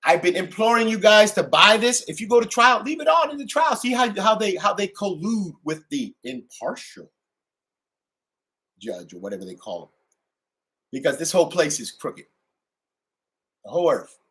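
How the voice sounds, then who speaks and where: Animated, ranting man with a lively pitch. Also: normal speed, pauses often. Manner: animated, profane, swings between loud and low. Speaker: channel host. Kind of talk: ranting monologue.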